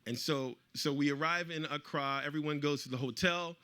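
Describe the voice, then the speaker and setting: A middle-aged man speaking at a live event, telling a personal story to the audience with animated delivery and acting out the voices of the people he quotes. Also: fairly high pitch, moderate pace, smooth. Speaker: author speaking at a book event.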